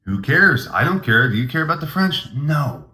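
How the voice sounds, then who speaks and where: A man's voice: mid-range voice, sing-song, moderate pace, sharp tone, roomy sound. A man hosting a comedy podcast, rambling through a mock-grandiose, hyped monologue.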